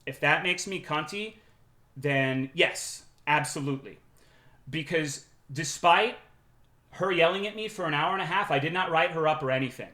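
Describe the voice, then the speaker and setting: A man streaming live, telling a work story in a profane, animated and sarcastic way. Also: a little high, normal speed, roomy sound. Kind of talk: casual livestream storytelling.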